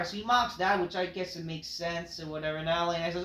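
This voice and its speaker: A man's voice: fairly high pitch, fairly even intonation, fast, few pauses, bright, forceful tone, reverberant, low-quality recording. A man casually recapping a wrestling show in a rambling, offhand way, full of fillers.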